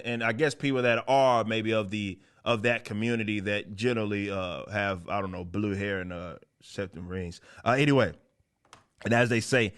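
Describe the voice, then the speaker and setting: Dude ranting about comics, swears a lot, sarcastic, kinda rambly. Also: male voice, on the low side, normal speed, smooth. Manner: blunt, profane, sarcastic; rambling, self-correcting delivery. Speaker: comic book commentary channel host. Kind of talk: casual ranting commentary.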